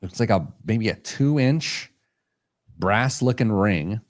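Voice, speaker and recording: Male podcast host, low animated voice, self-mocking banter, stumbles over words. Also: takes it slowly. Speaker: show host.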